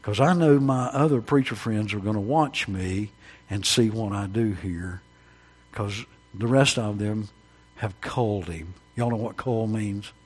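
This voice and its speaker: A man, preaching a sermon to a congregation as pastor, swinging between loud emphatic peaks and hushed quiet drops. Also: fairly low pitch, measured pace, breathy edge, big-room sound. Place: church during an evening service.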